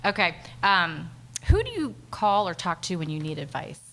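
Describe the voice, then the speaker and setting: A middle-aged woman with a bright, sharp voice. She hosts a bookstore event, chatty and excitable, jumping in quickly, with a faint hiss in the background. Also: lowish voice, creaky. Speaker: event host and interviewer. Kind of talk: casual onstage conversation. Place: bookstore event before an audience.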